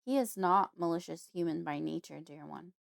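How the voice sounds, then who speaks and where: A calm, wise uncle who speaks softly and steadily, read by a woman. His manner is soothing and protective, with measured phrasing. The recording is dry and close-miked. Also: lowish voice, gravelly, no room sound.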